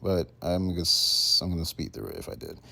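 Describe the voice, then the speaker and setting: Young male vlogger, deep and gravelly, loose rambling delivery full of "bro". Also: brisk. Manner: rambling, full of fillers and "bro", drifting from mumbling to loud. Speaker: vlogger reading out chat messages. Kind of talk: casual rambling commentary.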